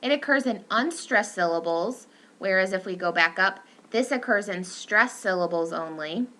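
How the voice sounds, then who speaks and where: A woman's voice: medium pitch, lively intonation, normal speed, sharp tone. A young adult woman giving a recorded lecture, explaining step by step with fillers and self-corrections.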